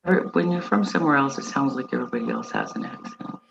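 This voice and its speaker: A woman chats on a casual livestream. Her talk is animated and swoops widely in pitch, with a gravelly texture. The audio is dull and muffled, and a steady crowd murmur runs behind her. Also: fast talker. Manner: chatty and animated, reads out chat comments. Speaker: co-host.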